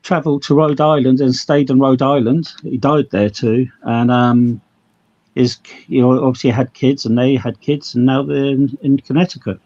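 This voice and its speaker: A man's voice: mid-range voice, steady tone, normal speed, a little mellow, lo-fi sound. A man, a guest on a livestream, chatting casually and a bit hesitantly, often saying "mate". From England. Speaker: stream guest.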